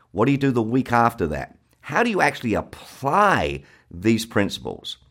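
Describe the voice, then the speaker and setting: A man with a South London accent giving a persuasive talk, firing off rhetorical questions and stressing key points. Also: fairly low pitch. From South London, England. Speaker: success program presenter.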